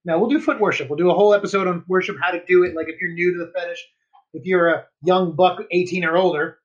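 A podcast co-host with a high-sitting voice talks fast with fairly even intonation, chatting casually, joking, and rambling loosely. He uses lots of fillers and swears. The podcast audio is dull and lo-fi.

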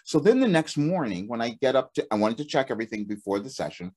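A man tells a story in casual conversation, his slightly husky voice swinging up and down in pitch. He laughs easily as he talks. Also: quick pace. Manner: animated storytelling, laughs often. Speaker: channeler and guest.

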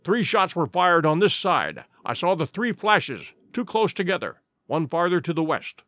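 A man's voice: on the high side, sing-song, a bit bright, dry recording. Male reader as a composed, exact-speaking doctor for an audiobook, dry close sound. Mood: precise. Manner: measured, exact statements. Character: calm, precise male doctor. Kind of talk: audiobook character voice.

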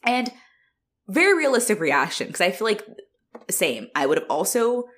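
A young woman co-hosting a podcast casually recaps a movie in a mid-range voice at normal speed. She's profane and animated, swearing freely and laughing often.

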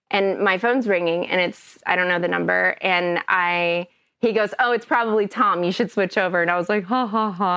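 An actress guest telling an animated story in casual podcast chat, with lots of fillers, recorded close and dry. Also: female voice, medium pitch, gravelly, no room sound. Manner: animated, chatty, many fillers.

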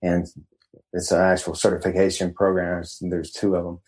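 A man guesting on a casual podcast, talking as a coach in a meandering, halting way. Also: deep voice, flat delivery, a little mellow, rough recording. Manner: meandering, halting, laid-back. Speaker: guest, men's empowerment coach.

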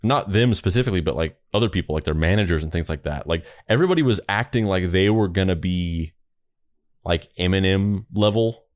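A man's voice: sits low, fairly quick, dry recording, clean studio sound. A man co-hosting a podcast in a rambling, casual discussion with frequent restarts. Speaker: podcast co-host.

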